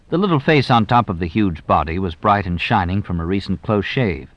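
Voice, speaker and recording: A man narrating an audiobook in a measured, plain storytelling manner. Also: deep voice, expressive, dry recording, muffled recording. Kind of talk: scripted narration.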